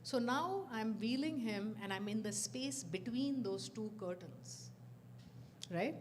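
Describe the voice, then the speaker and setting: A woman speaking as a guest at a devotional gathering, telling a personal story in a lively, expressive way and acting out what was said. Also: on the high side, slow pace, a little hiss or hum.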